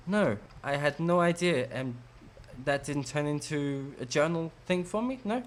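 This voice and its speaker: A man's voice: fairly high pitch, expressive, measured pace, a little hiss or hum. A man hosting a let's play from a home streaming setup, making casual, joking and self-mocking commentary as he plays.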